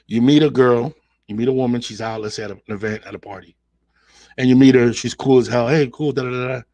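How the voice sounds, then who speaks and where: A man hosting a solo relationship podcast, talking in an animated way and acting out quoted voices as he makes his points. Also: mid-range voice, brisk, dry recording. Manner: animated, mimics women in quoted asides. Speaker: podcast host.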